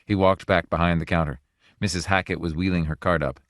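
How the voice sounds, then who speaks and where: A man reading a short story aloud in a measured, even audiobook narration. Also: deep voice, dry recording, studio quality. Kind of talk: scripted narration.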